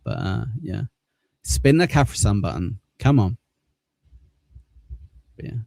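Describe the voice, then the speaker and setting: A man's voice: fairly low pitch, wildly swooping pitch, slow pace, gravelly, darkish tone, no echo. A man from the south of England with a Manchester accent, hosting a casual live stream, joking and swearing at his own bad luck. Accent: Mancunian. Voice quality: swears often, laughs at himself. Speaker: stream host.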